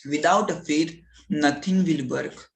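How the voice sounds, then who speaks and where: A man leading a scripture class, talking slowly and earnestly as he explains a spiritual lesson. His voice sits high for a man, and he keeps checking in with his listeners as he goes. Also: low-quality recording. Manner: earnest, repetitive with rhetorical "right?". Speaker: spiritual teacher.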